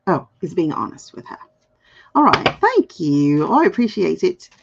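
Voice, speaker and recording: With a fairly low, gravelly voice and a measured pace, a woman reads tarot live, staying playful and chatty, laughing often and naming viewers in chat. The lo-fi stream audio sounds slightly dull, with background noise.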